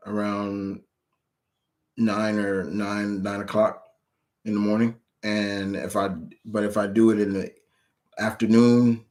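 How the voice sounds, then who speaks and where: A man's voice: lowish voice, darkish tone. A man streaming live, answering viewers' questions in a rambling, casual way with many restarts.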